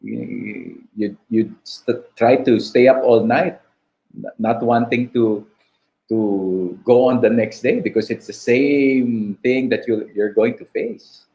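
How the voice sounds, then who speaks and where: A man in his fifties with a Filipino English accent, sharing a personal testimony in an interview, reflective and halting. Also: medium pitch, gravelly, warm tone, poor audio. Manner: slow and reflective, halting restarts, "diba" tags. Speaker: guest.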